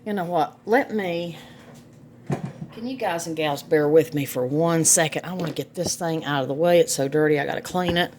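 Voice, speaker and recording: Chatty woman, lower pitched. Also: moderate pace, noisy background. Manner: chatty, folksy, laughs often. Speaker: home cook, vlog host. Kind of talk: casual cooking demonstration. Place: home kitchen.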